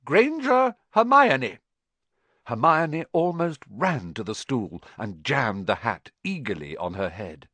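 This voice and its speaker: A man narrates an audiobook with expressive, animated storytelling, his pitch swinging widely. He keeps a measured pace with few pauses and a breathy edge. The recording is close and dry, with no room sound.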